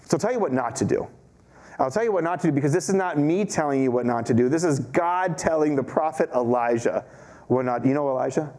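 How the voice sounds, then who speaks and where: Storytelling rabbi, a man, slightly high. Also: fast talker, darkish tone. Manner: storytelling, self-mocking, acts out quotes. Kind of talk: sermon. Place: synagogue chapel.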